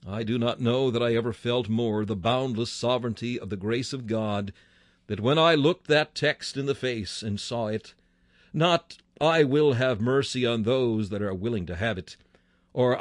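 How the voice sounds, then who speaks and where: A man's voice: mid-range voice, no room sound, studio quality. A man preaching a sermon with fervent delivery, his voice rising sharply on key words.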